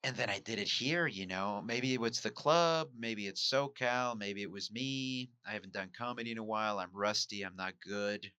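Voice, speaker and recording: Candid, self-questioning man with a low, bright voice. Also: moderate pace, hardly any pauses, clean tone, dry recording. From Mexico. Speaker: podcast host and amateur stand-up comic. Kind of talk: reflective solo monologue.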